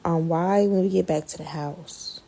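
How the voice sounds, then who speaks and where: Woman, casual storytime host, husky gravelly voice, mellow tone, slangy and expressive. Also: fairly low pitch, normal speed. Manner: expressive, slangy, swings loud and quiet. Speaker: podcast host telling a story.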